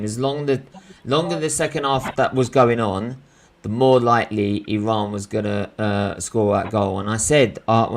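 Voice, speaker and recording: A man's voice: lowish voice, a little hiss or hum. A man hosting a live football watchalong stream, chatting casually and rambling with slang and fillers.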